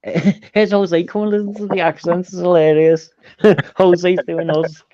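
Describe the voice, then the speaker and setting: Middle-aged scouse guy teasing his mates, kinda high voice, dull lo-fi call audio. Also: flat delivery, unhurried, mellow, dry recording. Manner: jokey, teasing, laughs often. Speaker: co-host. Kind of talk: casual online voice chat.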